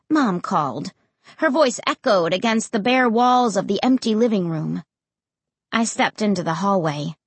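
A woman narrating a first-person storybook with an expressive, dramatic reading. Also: mid-range voice, a little slow, breathy edge, no echo. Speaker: audiobook narrator.

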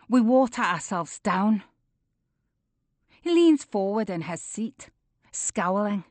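Woman, audiobook narrator, slow and emotionally intense, dry close recording. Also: medium pitch, expressive, darkish tone, no echo. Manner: intense and emotional, building to anger. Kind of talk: first-person audiobook narration.

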